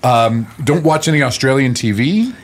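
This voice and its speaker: A man's voice: medium pitch, lively intonation, moderate pace, natural voice. A man in an improv comedy scene playing a hesitant doctor who stumbles with ums. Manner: hesitant, many ums, breaks into laughter. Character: hesitant male accent doctor.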